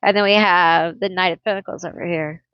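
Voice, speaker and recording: A woman's voice: on the low side, steady tone, fairly quick, clear, resonant tone, highs cut off. A woman giving a pick-a-card tarot reading, blunt and sassy, laughing often. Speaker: tarot reader.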